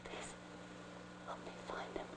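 An actress playing a frightened woman patient who begs in a breathy half-whisper, slowly. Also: fairly bright tone. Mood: pleading.

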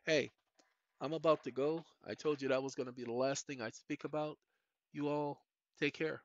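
Man, middle-aged, channel host, rambling monologue, dry close sound, slightly high voice. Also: steady tone, normal speed, dry recording. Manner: rambling, repeats "ladies and gentlemen", talks straight to the audience. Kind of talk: personal monologue to viewers. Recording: muffled lo-fi, dry.

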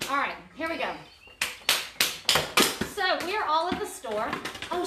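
A woman's voice: high-pitched, sing-song, measured pace. A middle-aged woman, a mother, talking casually as she leads her children through a home demonstration, bossy and playful. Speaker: mother running a home video show. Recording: echoey room, far from the mic, background noise.

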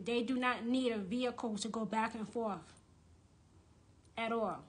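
A woman who works as a witch and tarot reader rants on a livestream, blunt, profane, and indignant, repeating phrases for emphasis. Her voice is a little high and unhurried, with frequent pauses.

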